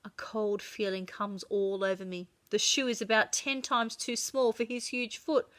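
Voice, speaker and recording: A woman reading a children's chapter book aloud, with expressive, dramatic storytelling. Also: medium pitch, moderate pace.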